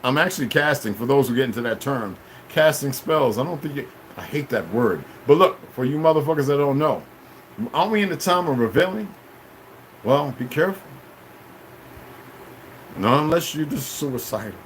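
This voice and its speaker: A man ranting on a livestream at his chat, confrontational and full of cursing, swinging between shouting and low muttering. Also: lively intonation, normal speed, slight background noise. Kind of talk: profane livestream rant.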